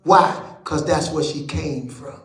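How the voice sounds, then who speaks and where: High-voiced preacher in an echoey church. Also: male voice, slow, a bit bright. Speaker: bishop teaching Bible study. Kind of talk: lively preaching to a congregation.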